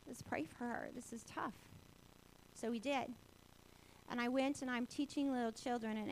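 A woman in her forties shares a personal testimony in a lively, expressive way, acting out quoted voices and laughing along the way. Her voice sits a little high. Faint noise hums behind her. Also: vocal fry, rough recording. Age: 40s.

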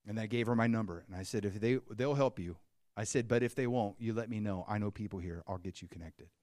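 Animated male preacher, dry close sound. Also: lowish voice, quick pace, no room sound. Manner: animated storyteller, swings from quiet to excited. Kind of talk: sermon with storytelling.

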